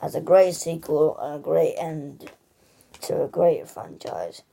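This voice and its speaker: Slow, gravelly-voiced woman film reviewer. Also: deep voice, mellow. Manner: gushing and rambling, full of "like" and restarts. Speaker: movie reviewer. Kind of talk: casual spoken film review.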